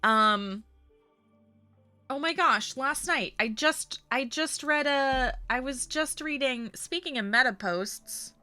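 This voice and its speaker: A woman's voice: sits high, slow pace, pushed and bright, no room sound, soft background music. Woman streamer, casual and rambling, close dry mic. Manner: chatty, rambling, laughs often. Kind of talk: casual chat.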